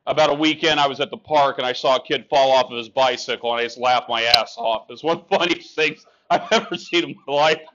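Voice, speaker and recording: A man's voice: mid-range voice, fast, hardly any pauses, pushed and bright, lo-fi sound. A man doing a stand-up comedy set on a club stage, sarcastic and ranting at the crowd. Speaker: stand-up comic.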